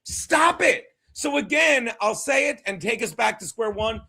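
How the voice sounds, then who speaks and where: A man hosting a casual political chat show, loud and emphatic, joking and shouting his punchlines. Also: extremely high pitch, animated, unhurried, creaky, husky. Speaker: podcast host.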